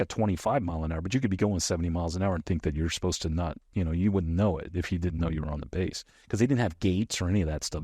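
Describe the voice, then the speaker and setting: Husky low-voiced man telling war stories. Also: no room sound, studio quality. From United States. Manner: animated storyteller, acts out quoted dialogue. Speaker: guest, former soldier. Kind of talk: casual storytelling in an interview.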